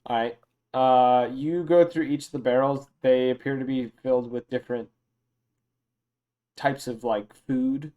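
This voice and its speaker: A man narrating a tabletop game as game master, relaxed and loose, with many fillers. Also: mid-range voice, unhurried, muffled recording.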